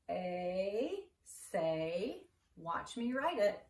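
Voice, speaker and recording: Woman teacher, slow and deliberate, animated pitch, distant roomy recording. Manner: slow, clearly sounding out letters and syllables. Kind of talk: spelling lesson to an imagined class. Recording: roomy, distant mic with faint noise.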